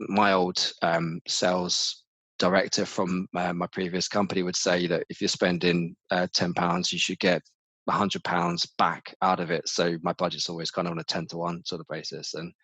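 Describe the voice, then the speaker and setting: A middle-aged man, chatting casually as an interview guest, animated, often restarting his sentences. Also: low-pitched, normal speed, no room sound. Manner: animated, restarts often, mimics others' voices. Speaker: marketing manager, interview guest.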